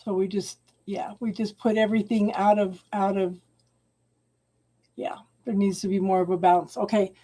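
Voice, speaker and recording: A woman's voice: medium pitch, flat delivery, mellow. A woman giving a live-streamed tarot reading to her viewers. She halts and repeats phrases and calls people hun. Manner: halting and repetitive, restarting phrases and calling viewers hun. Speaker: tarot reader.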